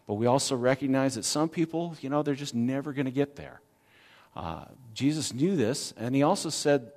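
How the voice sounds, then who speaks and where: A man's voice: mid-range voice, a little mellow. A man preaching a sermon as a pastor, conversational, with asides and questions to the congregation.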